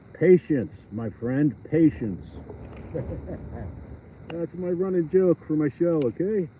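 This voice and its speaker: High-voiced man chatting while ice fishing. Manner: chatty, rambling and jokey, talks to viewers. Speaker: fishing vlogger. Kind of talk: casual live-stream chat. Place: outdoors on a frozen lake, ice fishing. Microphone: phone. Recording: dull lo-fi phone audio outdoors. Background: wind.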